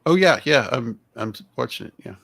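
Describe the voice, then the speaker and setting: Male podcast host, gravelly, mid-pitched, easygoing. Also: expressive, normal speed, fairly bright tone. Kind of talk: casual chat.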